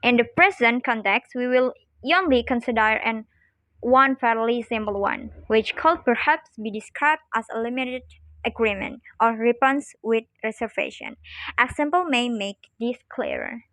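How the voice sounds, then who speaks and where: A woman's voice: a little high, a bit bright, no echo. Young woman reading a phonetics lesson aloud. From Indonesia. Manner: careful, halting reading with small slips. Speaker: student presenter.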